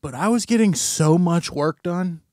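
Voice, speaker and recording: A man's voice: high-pitched, unhurried, darkish tone, no room sound, clean studio sound. A young man co-hosting a podcast, chatting casually, joking and swearing as he rambles. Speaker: podcast co-host. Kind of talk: casual chat.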